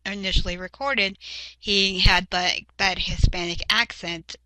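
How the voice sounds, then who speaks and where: A young woman co-hosts a casual fan podcast, chatting about a cartoon and sharing behind-the-scenes trivia. Her voice is bright and clear, recorded close with a dry sound. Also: mid-range voice, steady tone, a little slow, no echo, low-quality recording. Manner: chatty, shares trivia with hesitant fillers. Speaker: podcast co-host.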